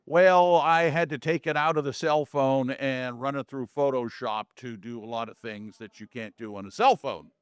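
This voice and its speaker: With a clean tone, a mid-range voice, normal speed and few pauses, he walks through his photo slides casually for a small group in a community meeting room. The sound is dry and close with no room around it, and his delivery is folksy, chatty and joking.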